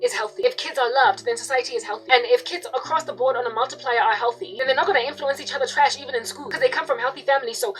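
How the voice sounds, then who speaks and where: A woman's voice: high voice, very fast, few pauses, a bit bright, soft background music, rough recording. A young woman in her twenties giving an impassioned religious monologue, fervent and emphatic, repeating her warnings. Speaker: Christian video preacher.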